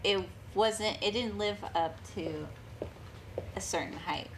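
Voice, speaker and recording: A woman's voice: mid-range voice, slow pace, slight background noise. A woman speaking as a panel guest, hesitant with many fillers. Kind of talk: casual panel chat.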